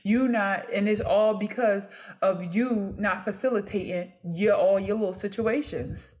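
A woman's voice: mid-range voice, measured pace, a little mellow. A young adult woman co-hosting a casual gossip podcast, talking in a blunt, opinionated and slangy way. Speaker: podcast co-host.

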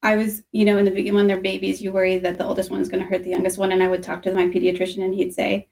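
A young woman from Northeast Ohio, a youth ministry guest, chatting casually and modestly with easy laughs and halting pauses. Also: medium pitch, completely flat delivery, creaky, darkish tone. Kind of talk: casual chat.

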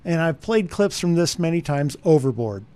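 A man's voice: on the high side, lively intonation, moderate pace, warm tone. A man hosting a radio talk show, joking and teasing his co-hosts and callers with easy laughs. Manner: jokey, laughing, teasing banter. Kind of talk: casual radio chat with callers. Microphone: studio microphone.

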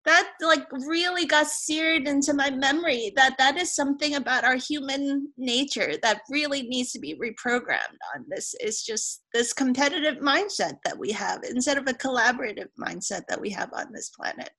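Woman, from hong kong, podcast host, high bright voice, storytelling. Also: expressive, normal speed, vocal fry, few pauses. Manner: storytelling, reflective. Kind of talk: casual conversation.

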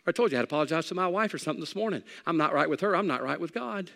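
A middle-aged male pastor preaching a sermon, conversational and emphatic, shifting from loud peaks to soft pleading. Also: fairly high pitch, lively intonation, very fast, gravelly, big-room sound. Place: church sanctuary.

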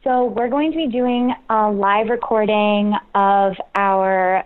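A woman's voice: mid-range voice, steady tone, slow pace. An American woman guest on a phone interview, self-deprecating, laughing often and restarting her sentences. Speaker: comedian guest. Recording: tinny phone line.

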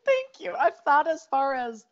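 A Minnesotan woman telling a long story in an easygoing, animated way, laughing as she goes and talking in eager bursts. The audio is a little dull and lo-fi. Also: high voice, a little slow. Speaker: guest storyteller. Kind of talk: casual storytelling chat.

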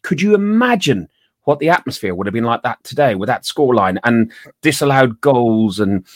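Man, casual podcast chat, animated, joking, stumbling restarts, dry close sound. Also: mid-range voice, normal speed, no echo. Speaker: podcast co-host.

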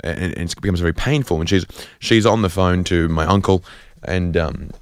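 An Australian man hosts a community radio show, rambling through a self-deprecating comic monologue packed with fillers and restarts. He has a deep voice at normal speed, recorded dry with studio quality.

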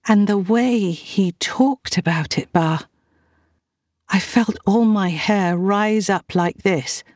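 A woman voicing a lively, teasing young sister in an audiobook, eager and bubbly. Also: medium pitch, slow, no room sound, studio quality, close to an everyday voice.

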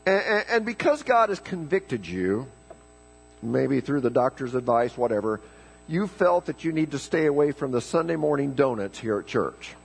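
Gravelly, lively-voiced male pastor preaching. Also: medium pitch, normal speed, rough recording. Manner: folksy, joking, repeats words when starting. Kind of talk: sermon. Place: church.

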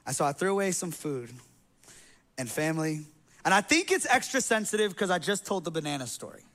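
A man's voice: high voice, sing-song, fairly quick, a bit bright. A male pastor preaching a sermon, telling a humorous personal story in a casual, slangy, conversational way to his congregation in a church. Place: church sanctuary.

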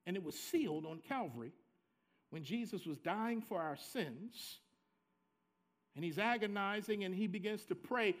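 A man preaching a sermon as pastor, with dramatic swings from soft low asides to loud, high cries. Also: sing-song, normal speed.

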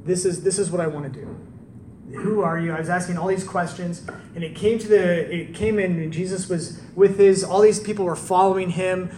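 Male preacher, conversational and animated, recorded from a distance with faint background noise. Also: high-pitched, roomy sound. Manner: conversational, animated storytelling with rhetorical questions. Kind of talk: sermon.

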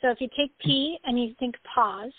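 A woman's voice: fairly high pitch, moderate pace, slightly rough, dry recording. A woman guest in a casual interview, upbeat and laughing often, heard over call audio. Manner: upbeat, laughs often, acts out animals' thoughts. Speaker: guest, horse wellness practitioner. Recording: tinny phone-like call audio, dry.

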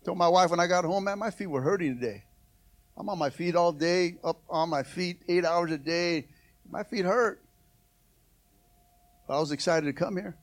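A man preaching a sermon to his church as pastor, lively, with repeated calls of come on and hallelujah. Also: high voice, moderate pace, long pauses.

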